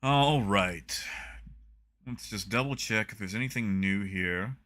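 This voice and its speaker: Wry bright-voiced male streamer. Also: on the low side, takes it slowly. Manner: wry, reads patch notes aloud with dry jokes. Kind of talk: casual live-stream chat.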